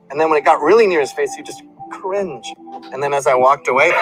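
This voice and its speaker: A man telling a story in an interview, animated and acting out voices and sounds. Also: fairly high pitch, fast talker, loud music behind the voice, low-quality recording.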